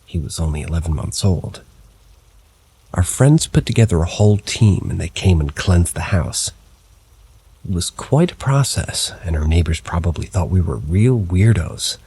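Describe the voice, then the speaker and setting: A man narrating first-person paranormal stories as scripted narration, in a low, even storytelling tone with a husky voice.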